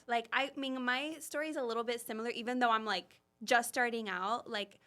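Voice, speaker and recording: Young woman just starting out, kinda high voice, reflective podcast chat. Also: fairly even intonation, a little fast, a bit bright. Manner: reflective, chatty with many fillers. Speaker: podcast co-host, new esthetician.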